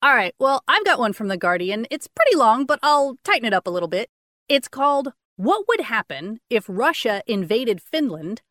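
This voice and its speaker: A woman from Austin chats casually on a podcast, tossing in ironic remarks and frequent laughs. Her voice is fairly high and lively, and it is recorded close and dry. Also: no room sound. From Austin, Texas. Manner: laughs often, quick ironic comments. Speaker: podcast co-host. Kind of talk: casual chat.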